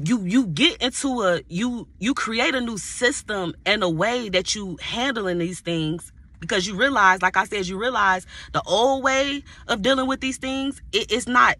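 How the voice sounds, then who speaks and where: A woman's voice: fairly high pitch, sharp tone, no room sound. A woman who is an inner healing coach, preaching motivation to her viewers, repeating her points emphatically, speaking casually and breaking into spoken prayer. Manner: repetitive, emphatic, turns to pray aloud mid-talk; casual colloquial address to viewers.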